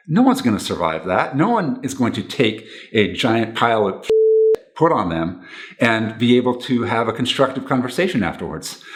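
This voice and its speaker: A man giving relationship advice to camera in an earnest, instructional way, repeating his key points. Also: medium pitch.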